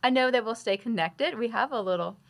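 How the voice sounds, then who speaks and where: A woman nurse, a guest on an interview podcast, gently and affectionately recounting a personal story. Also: on the high side, a little fast, vocal fry.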